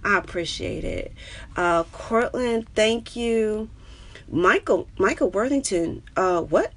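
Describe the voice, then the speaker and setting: A woman with a New York accent, a stand-up comedian chatting casually with viewers on her own live stream, animated, with her voice jumping high when she gets excited. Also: slow pace. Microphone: webcam or phone on a live stream.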